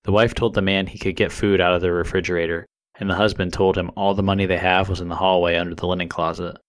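A deep-voiced man reads through true crime case details at an even, steady clip. He sounds like a podcast co-host walking listeners through the facts. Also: fast.

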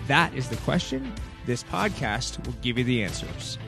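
A man's voice: medium pitch, big pitch swings, normal speed, gravelly. Man reading a show intro over music. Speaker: podcast host. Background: loud music.

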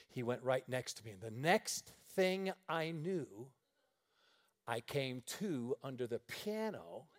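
A middle-aged man preaching, telling lively stories and laughing his way through them. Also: on the high side. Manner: animated storyteller, laughing through his anecdotes. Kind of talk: storytelling sermon.

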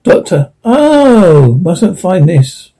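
A man's voice: high-pitched, sing-song, extremely slow, dark tone, full character voice. A man reading an eccentric curious time-traveller. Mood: inquisitive.

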